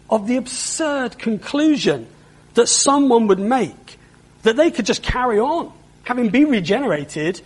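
A man's voice: very high-pitched, slightly rough. A man preaching a sermon, explaining a passage step by step and asking the congregation rhetorical questions. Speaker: pastor.

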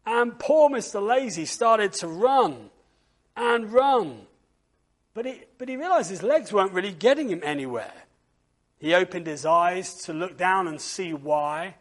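A man with a high voice leads a church service and tells a story slowly. He reads aloud expressively and fills his pauses with "uh". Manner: expressive read-aloud with frequent uh fillers. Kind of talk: storytelling children's talk.

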